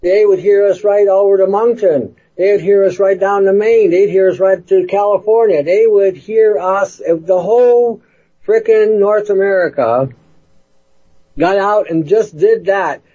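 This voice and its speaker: A man's voice: high voice, a little slow, dark tone, husky, lo-fi sound. A man hosting a show, rambling in a folksy, casual way. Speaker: show host. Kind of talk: casual chat.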